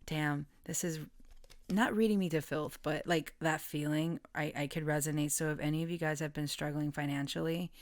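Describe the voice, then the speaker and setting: A woman giving a casual collective tarot reading, gentle and halting with many fillers, sometimes dropping into soft whispers. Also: sits low, steady tone, no echo, clean studio sound. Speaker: tarot reader.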